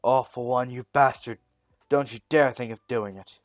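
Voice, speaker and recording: A man voicing an older male hero, shouting urgent warnings in a fan story. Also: mid-range voice, steady tone, normal speed, dry recording, clean studio sound, soft background music, lightly acted. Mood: alarmed.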